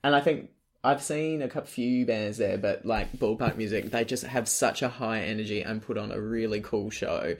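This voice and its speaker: A man's voice: on the low side, moderate pace. A young man with an Australian accent, co-hosting a casual podcast chat and telling stories with lots of slang and laughter. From South Australia. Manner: chatty, laughing, slangy storyteller. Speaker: podcast co-host.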